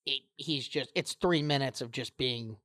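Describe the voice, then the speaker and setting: A man co-hosting a casual sports podcast, animated and swearing freely. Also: mid-range voice, normal speed, no echo, studio quality. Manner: animated, retells stories in other voices, swears. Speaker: podcast co-host.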